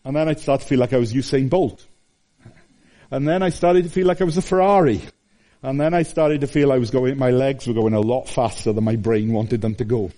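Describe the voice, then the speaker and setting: A man in his fifties, from Wales, preaching a conversational sermon that swings between high exclamations and hushed asides. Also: a little fast. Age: 50s.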